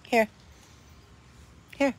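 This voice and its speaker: At home on a hot day, an older dog rescuer speaks very slowly while playing with a puppy he's showing for adoption. Between plain remarks, he breaks into high, coaxing calls to the dog.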